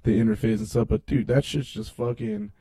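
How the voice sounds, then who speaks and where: A man's voice: on the low side, a little fast, breathy edge. A man hosting a podcast who jokes around and teases his guests in casual chat. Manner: animated, joking, teasing. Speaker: podcast host.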